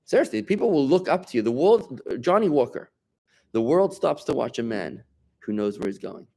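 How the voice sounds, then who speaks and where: Animated rabbi teaching a lively class. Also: male voice, mid-range voice, moderate pace, gravelly. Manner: animated, emphatic, conversational, bantering with listeners. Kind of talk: informal Torah class.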